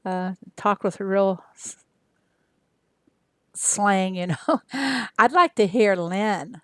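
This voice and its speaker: An older woman from Arkansas, chatting casually with viewers on her game livestream in an unhurried way with lots of fillers. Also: mid-range voice, fairly bright tone, no echo, clean studio sound. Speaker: game streamer.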